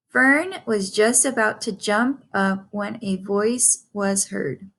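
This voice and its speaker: A woman reading a children's book aloud chapter by chapter, in an unhurried, gentle narration. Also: mid-range voice, creaky. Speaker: reader. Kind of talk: storybook read-aloud.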